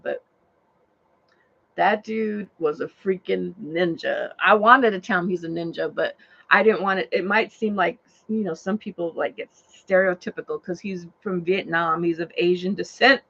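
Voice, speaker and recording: Lady driver vlogging from her car, gravelly voice, says like constantly, kinda muffled recording. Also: mid-range voice, moderate pace. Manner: excitable, says "like" and "oh my God" a lot. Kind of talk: animated storytelling to camera. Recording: dull lo-fi sound.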